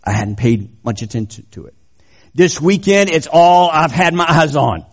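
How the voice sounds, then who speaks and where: A man's voice: fairly high pitch, animated, moderate pace. A male pastor preaching a sermon emphatically and building to fervent proclamation. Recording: dull lo-fi recording.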